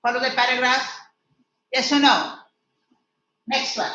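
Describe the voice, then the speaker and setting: A woman's voice: high-pitched, steady tone, measured pace, pauses often, pushed and bright, a little hiss or hum. A woman teacher, explaining a play line by line in an online lecture. She paraphrases each verse and quizzes her students. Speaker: English teacher. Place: online class. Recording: echoey distant lo-fi online lecture.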